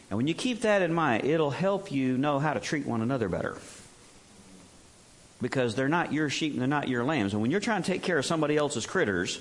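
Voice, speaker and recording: Folksy older male preacher, animated. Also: on the high side. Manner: folksy, humorous, rhetorical questions. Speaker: missionary preacher. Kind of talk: sermon.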